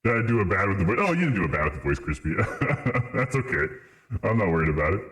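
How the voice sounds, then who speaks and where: Animated streamer chatting with viewers. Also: male voice, deep voice, fast. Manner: playful, laughing banter with chat. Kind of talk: live gameplay chat. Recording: roomy echo with music behind.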